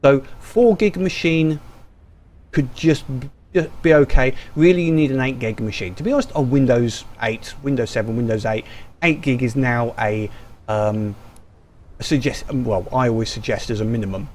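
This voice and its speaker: A man's voice: mid-range voice, normal speed, darkish tone. A man giving casual, rambling gameplay commentary full of ums and restarts, recorded over a screen capture. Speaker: gaming YouTuber.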